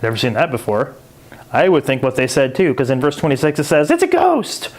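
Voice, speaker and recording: Male podcast host, mid-pitched voice, casual animated Bible teacher who acts out the characters. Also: quick pace. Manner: animated storytelling, acting out quoted voices in a jumpy high pitch; loose and conversational, with many 'like' and 'kinda'.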